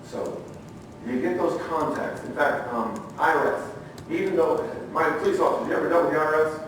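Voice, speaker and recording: A middle-aged man giving a training talk at a conference, telling lively stories, acting out the quotes and asking the audience questions. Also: fairly high pitch, brisk, a little hiss or hum. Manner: animated storyteller, acts out quotes, asks the audience questions. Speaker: conference speaker, former federal agent. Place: conference room. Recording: echoey room, heard from far off.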